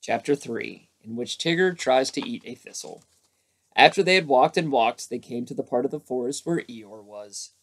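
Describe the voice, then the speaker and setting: A man's voice: mid-range voice, normal speed, creaky. Male bedtime storyteller. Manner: lively, voices each character. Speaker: storybook narrator. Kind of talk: bedtime story read-aloud.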